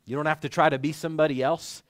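High-voiced preacher teaching in a dry room. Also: male voice, no room sound. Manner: measured, clear teaching with lively inflection. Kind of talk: sermon.

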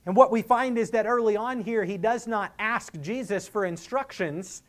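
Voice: mid-range voice, moderate pace. A preacher giving an expository sermon, earnest and emphatic, reasoning with the listeners and acting out quoted speakers.

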